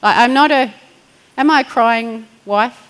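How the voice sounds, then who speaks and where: A woman's voice: on the high side, a little slow, fairly bright tone, smooth, rough recording. A middle-aged woman pastor, preaching in a chatty storytelling way, laughing and acting out quotes. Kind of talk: sermon.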